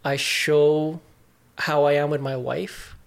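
Slow and creaky, this young man's voice sits on the high side with a level tone. He's a podcast guest in open, candid conversation, thoughtful and laid-back, dropping lots of fillers and some swearing.

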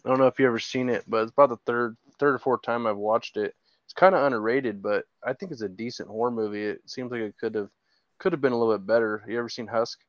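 A man's voice: medium pitch, fairly even intonation, fast talker, dry recording. Male guest, hesitant loose chat, slightly muffled recording. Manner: loose, hesitant, many fillers and swears. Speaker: podcast guest. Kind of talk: casual profane chat.

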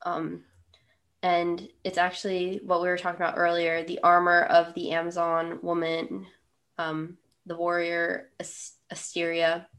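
Slow-talking sarcastic woman. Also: lowish voice, completely flat delivery, a bit bright. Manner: sarcastic, mocking film commentary. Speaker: podcast co-host recapping a film. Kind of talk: casual chat.

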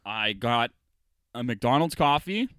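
A young man co-hosting a podcast, telling a party story in casual chat, swearing often and loudly acting out what others said. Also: mid-range voice, slow pace, clean tone, no echo. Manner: animated storyteller, profane, acts out quotes loudly. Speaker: podcast co-host.

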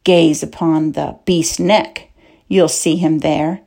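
A woman doing a gruff wary soldier. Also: fairly even intonation, slow pace, warm tone, exaggerated voice. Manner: growling, low hiss.

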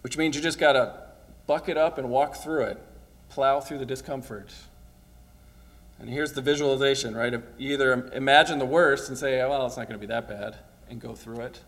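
A male pastor delivers his sermon like a chat with his congregation. His voice sits in an ordinary middle pitch. He keeps checking in with a quick "right?" and lets small chuckles slip in. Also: steady tone, fairly bright tone. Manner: casual, asks "right?" often, chuckles. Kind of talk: conversational sermon.

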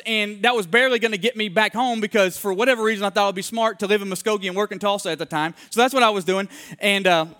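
A man preaching in a storytelling way. He acts out the people he quotes, and his voice drops soft and hushed in heartfelt moments. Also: high voice. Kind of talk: sermon storytelling.

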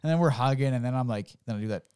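Fast-talking profane dad telling stories. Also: male voice, mid-range voice, warm tone, clean tone, no echo, studio quality. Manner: profane storytelling, acts out quotes. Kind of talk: casual chat.

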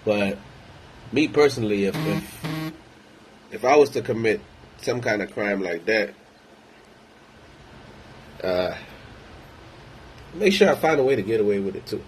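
A man's voice: on the low side, expressive, measured pace, pauses often, a little hiss or hum, poor audio. A man ranting in a casual monologue, rambling, blunt and heavy on profanity. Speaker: vlogger.

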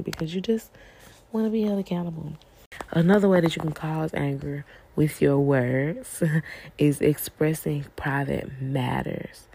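Woman host, husky and mellow, earnest and pleading parenting talk. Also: sits low, steady tone, moderate pace. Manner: earnest, pleading, rhetorical questions. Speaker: podcast host. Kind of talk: faith-based parenting talk.

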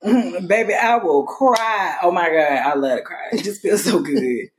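A woman with a deep, low-pitched voice chats casually as a podcast co-host. She is expressive and laughs easily, and she often turns to speak straight to her listeners. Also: a little slow, a little hiss or hum. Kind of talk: casual chat.

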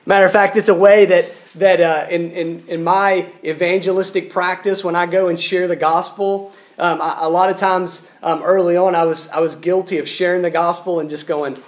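A male preacher with a notably high voice delivers a sermon earnestly, often pleading with listeners and repeating words as he begins each thought. His pitch barely moves, his pace is moderate, and he hardly pauses.

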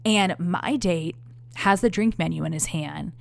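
A woman in her thirties with a low, gravelly voice, chatting straight to her viewers. She tells her story candidly and with exasperation, and she swears freely. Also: measured pace, dry recording. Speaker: vlogger. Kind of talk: casual storytelling to camera.

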